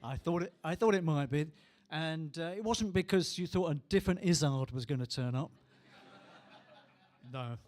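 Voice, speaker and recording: A man's voice: on the high side, moderate pace, darkish tone. A man, a musician and entertainer, chatting between songs with a dry, self-mocking manner on a small theatre stage. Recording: live hall with long reverb.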